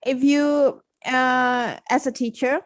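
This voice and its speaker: A woman's voice: high voice, steady tone, slow, dry recording. Woman, podcast host, simple explanations, repeats points, dry close recording. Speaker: podcast host and English teacher. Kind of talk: casual podcast conversation about learning English.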